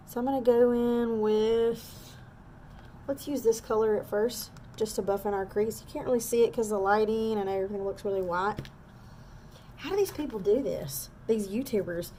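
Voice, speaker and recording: A woman's voice: mid-range voice, a little mellow, a little hiss or hum. Chatty woman doing makeup. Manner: chatty, self-deprecating, talks straight to viewers. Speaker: makeup artist. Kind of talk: casual makeup tutorial chat. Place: home.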